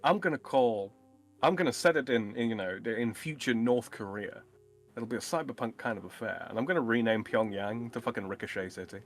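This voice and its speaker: A man's voice: mid-range voice, a little fast, soft background music. A man joking around as a guest in a casual chat, laughing often and swearing.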